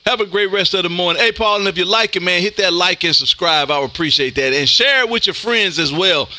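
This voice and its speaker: A man from Texas, a ham radio operator streaming live, talking loud and energetic as he makes contacts and calls "man" after almost every phrase. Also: sits high, fast, no room sound. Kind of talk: on-air radio contacts and chat. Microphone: close studio mic with headphones.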